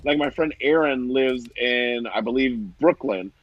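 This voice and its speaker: A man from Ohio co-hosting a casual chat, animated and quick to laugh, with mock-indignant asides. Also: medium pitch, no room sound, highs cut off. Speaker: podcast co-host.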